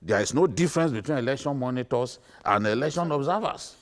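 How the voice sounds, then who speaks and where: A man's voice: medium pitch, lively intonation, a little fast. A middle-aged man with a Nigerian accent, arguing emphatically and repeating his points on a TV studio panel. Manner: emphatic, repetitive, lecturing.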